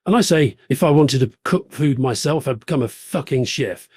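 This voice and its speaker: A pompous jet-setting podcast host played by a man, smug and rambling as he drops big names and brags about his money. The voice sits at an ordinary middle pitch. The sound is dry and close, with no room around it. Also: animated, moderate pace, darkish tone, husky, dry recording. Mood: boastful. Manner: boastful, name-dropping, rambling. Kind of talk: satirical podcast parody.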